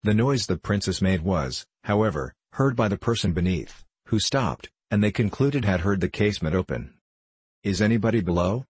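A man narrating a classic novel in an even, unhurried storytelling manner, with a husky voice. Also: sits low, no room sound. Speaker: audiobook narrator.

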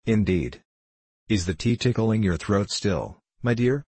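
A man's voice: on the low side, expressive, unhurried, a little mellow, breathy edge, no room sound. Man reading as a hearty old locksmith. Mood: teasing. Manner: hearty, teasing storyteller. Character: jovial older male locksmith, good-natured father.

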